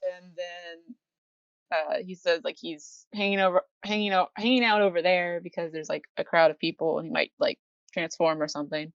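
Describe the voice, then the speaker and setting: A woman's voice: on the low side, fairly even intonation, moderate pace, no echo, dull audio. A woman co-hosting a casual podcast, giggling as she retells scenes and acts out the characters' lines. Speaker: podcast co-host. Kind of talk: casual anime recap chat.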